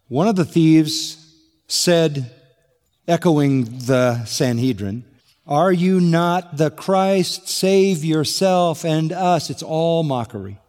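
Emphatic preacher in a reverberant hall. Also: male voice, mid-range voice, a little mellow. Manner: emphatic, rising to exclamation on key points. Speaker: pastor. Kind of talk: expository sermon.

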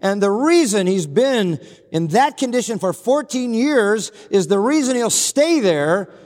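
A man preaching a sermon in an earnest, emphatic way, working through slow lists of points. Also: high-pitched, very animated, a little mellow, big-room sound. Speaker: pastor.

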